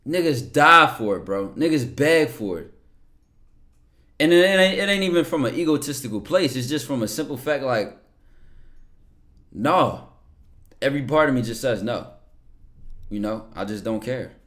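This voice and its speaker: A man's voice: medium pitch, expressive, normal speed, pauses often, pushed and bright. A young man talking casually on a stream, answering viewer questions bluntly with lots of slang and cursing. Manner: blunt, slangy, curses freely, repeats words. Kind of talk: casual livestream talk.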